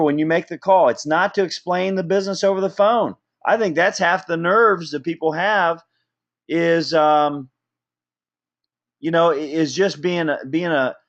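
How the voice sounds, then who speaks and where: Energetic man coaching with constant "okay?". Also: on the high side, lo-fi sound. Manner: energetic, repeats "okay?" and "right?" to the audience. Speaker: business trainer. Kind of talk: motivational training talk.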